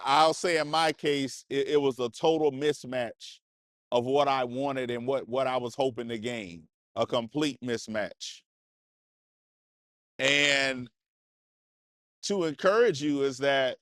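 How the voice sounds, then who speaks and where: A man's voice: mid-range voice, takes it slowly, long pauses, a bit bright, dry recording, studio quality. A man vlogger giving a casual motivational talk, preachy and conversational. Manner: preachy, conversational, repeats and restarts phrases. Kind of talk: motivational monologue. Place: indoors, seated on a cushion.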